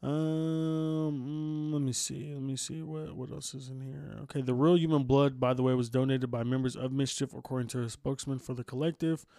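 A man's voice: medium pitch, steady tone, normal speed, vocal fry, hardly any pauses, mellow, no echo, studio quality. A man hosting a casual solo podcast, rambling and groggy after just waking up, cussing a lot and stumbling over his words. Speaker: podcast host.

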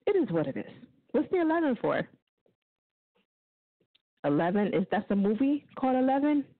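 A woman hosting a casual call-in radio show, joking loudly and laughing often. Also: on the high side, big pitch swings, moderate pace, no echo. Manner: loud, joking, laughs often, puts on voices for quotes. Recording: tinny phone-line sound, dry.

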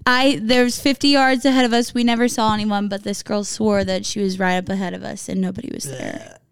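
A woman's voice: medium pitch, little pitch movement, fairly quick, clean tone, no echo. A woman in her twenties, a guest in a casual podcast chat, telling stories in a sheepish, self-deprecating way.

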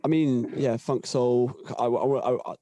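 A man's voice: medium pitch, steady tone, unhurried, dark tone, no room sound. A young British man, a touring musician, telling a rambling anecdote in casual chat, repeating words as he goes. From Britain.

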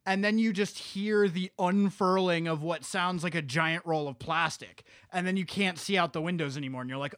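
Young male co-host, high pitch, dry booth sound, loose profane storyteller. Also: moderate pace, fairly bright tone, no room sound. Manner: rambling, profane, restarts a lot while storytelling. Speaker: podcast co-host. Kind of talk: casual chat retelling a horror movie.

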